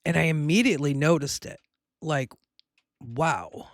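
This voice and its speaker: A woman's voice: low voice, measured pace, no room sound. A woman hosting her own show, telling a personal story in a rambling, emotional way with many fillers. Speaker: host.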